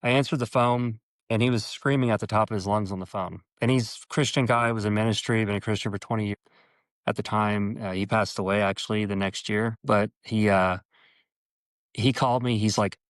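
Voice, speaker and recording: Earnest and often restarting his sentences, the interviewee shares a personal story and performs quoted dialogue with sudden rises in pitch. His tone stays steady and the sound has no echo.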